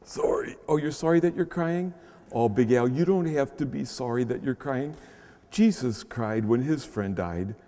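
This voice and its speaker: A man, a pastor, preaching earnestly with slow pauses and swelling emphasis, and speaking gently to children. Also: medium pitch. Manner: gentle, playful talk to children. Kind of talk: sermon. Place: large church shrine. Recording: long echo of a large church.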